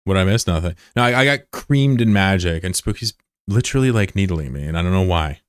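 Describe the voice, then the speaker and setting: A man's voice: low-pitched, animated, a little fast, smooth, no echo, studio quality. A man livestreaming, talking casually to his chat and bluntly, heatedly scolding a viewer. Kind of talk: casual live-stream talk to chat.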